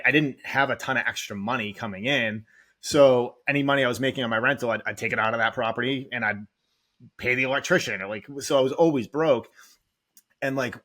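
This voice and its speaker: Nearly in tears, a man appearing as a podcast guest, a real estate investor, rambles through his story openly, leaning heavily on "like." His voice is medium-pitched with a sharp tone.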